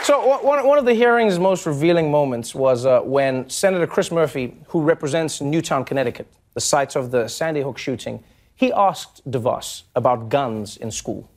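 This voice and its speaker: A man hosting a satirical late-night comedy show, delivering jokes in an animated style with laughing asides. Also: a little high, normal speed, some chatter behind. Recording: studio audience laughter and noise behind. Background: audience laughter.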